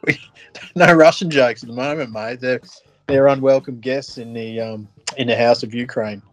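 A man's voice: mid-range voice, fairly even intonation, moderate pace, dry recording. A man with an Australian accent, co-hosting a podcast in casual banter, wisecracking and swearing. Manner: wisecracking, laughs often, swears. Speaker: podcast co-host.

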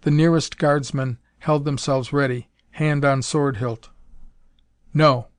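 A man narrating an adventure novel aloud in a measured, even storytelling manner. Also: a little high, no room sound, clean studio sound. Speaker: audiobook narrator. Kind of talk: scripted narration.

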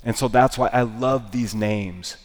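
A man with a hoarse, smoker-like rasp preaching a sermon, lively and emphatic, repeating key phrases. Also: mid-range voice, unhurried, big-room sound.

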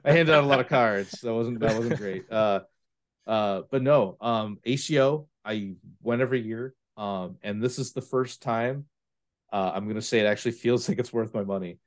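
Here a US East Coast man with a lowish voice, speaking at a moderate pace, hosts a tabletop gaming podcast. He tells stories in a relaxed, rambling, animated way, with plenty of fillers and frequent restarts.

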